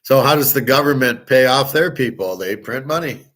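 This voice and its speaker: A man's voice: mid-range voice, expressive, moderate pace, a bit bright. An older man hosting his own show in a rambling casual monologue, blunt and profane, firing off rhetorical questions. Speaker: sports betting and gold commentary host.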